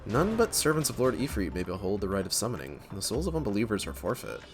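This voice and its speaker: A man voicing a fanatical reptilian cult priest who prays in hushed, fervent chants. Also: on the low side, wildly swooping pitch, quick pace, soft background music. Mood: zealous.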